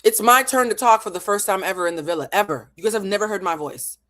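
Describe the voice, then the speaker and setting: A woman's voice: medium pitch, fast, a bit bright. A woman hosting a live stream with commentary, talking in an analytical and emphatic way and swearing freely. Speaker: host.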